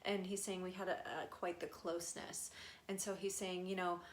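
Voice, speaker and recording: A young woman medium talks through a live channeling session in a slightly low voice. Her speech is casual and rambling, dotted with fillers and small laughs as she passes along messages. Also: little pitch movement, normal speed, slight background noise. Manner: relays messages in a chatty, giggly way with many fillers. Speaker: spirit medium.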